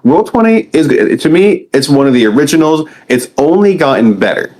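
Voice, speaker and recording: A man's voice: fairly high pitch, sing-song, a little fast, darkish tone, rough recording. A man hosting an interview, encouraging and affirming his guest's answers. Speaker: host. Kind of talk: casual interview.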